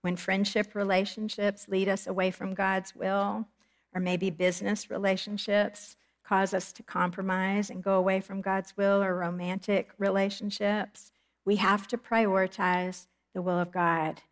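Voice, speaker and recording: A middle-aged woman giving a Bible study lesson in an earnest, measured way, reading scripture aloud and explaining it. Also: medium pitch, level tone. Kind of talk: Bible teaching lecture.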